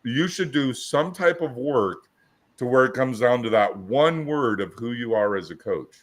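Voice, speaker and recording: A man co-hosting a coaching podcast speaks a little slowly in a mid-range voice with lively intonation. He's assertive in casual conversation and acts out quotes as he tells stories.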